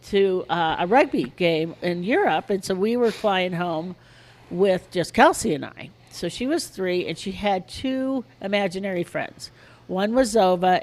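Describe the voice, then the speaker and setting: Older woman, podcast guest, lower-pitched voice, animated, swears freely. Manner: animated, swears casually, acts out shrill child voices. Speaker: guest storyteller. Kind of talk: casual podcast storytelling.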